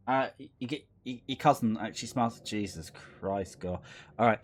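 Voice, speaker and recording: Husky joking gamer guy. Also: medium pitch, normal speed. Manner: joking, sarcastic, swears freely. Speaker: gamer playing through a visual novel. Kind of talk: casual let's-play commentary.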